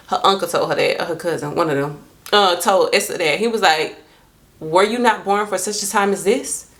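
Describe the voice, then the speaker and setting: A young woman talking straight to her camera at home in a casual, heartfelt vlog. She is lively and expressive, and her voice leaps up when she acts out her own reactions. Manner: lively, expressive, jumps up in pitch when quoting herself. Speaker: faith and self-love vlogger.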